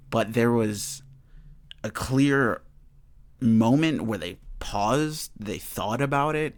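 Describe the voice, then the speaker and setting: A man's voice: on the low side, no echo. A young man hosting a solo podcast, ranting heatedly and swearing a lot. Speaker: podcast host.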